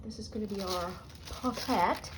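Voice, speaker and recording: A woman's voice: medium pitch, moderate pace, background noise. A middle-aged woman telling rambling stories and muttering to herself as she works on a junk journal in a casual crafting vlog. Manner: rambling storyteller, muttering to herself while working.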